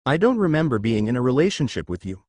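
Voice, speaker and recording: A man's voice: medium pitch, big pitch swings, quick pace, a little mellow, dry recording. A man reading as a tired, grumpy teacher. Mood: dry. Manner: dry, tired tone. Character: tired grumpy male teacher, dry and weary.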